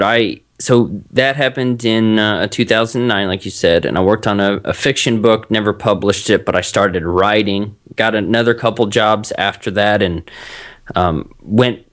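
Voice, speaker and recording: A man's voice: fairly low pitch, normal speed. A man with a Texan accent, a guest in a casual interview, easygoing and reflective. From Texas. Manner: easygoing, reflective, with frequent restarts. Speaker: guest, author and blogger.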